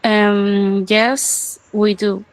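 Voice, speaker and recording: A woman student giving hesitant, halting answers in an online English class. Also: medium pitch, level tone, clear, resonant tone, dry recording.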